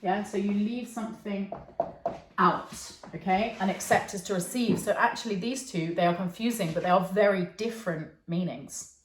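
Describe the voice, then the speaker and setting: A woman's voice: medium pitch, normal speed, slight background noise. A woman teaching a lesson, patiently checking in with her learners as she explains. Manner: patient, checks in with okay and yeah. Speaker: English teacher. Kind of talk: online English lesson. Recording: echoey room.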